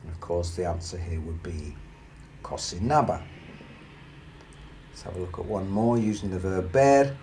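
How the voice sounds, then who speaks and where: A man teaching a grammar lesson, explaining slowly and carefully and reading out example sentences. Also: low-pitched, mellow, slight background noise. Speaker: Spanish teacher.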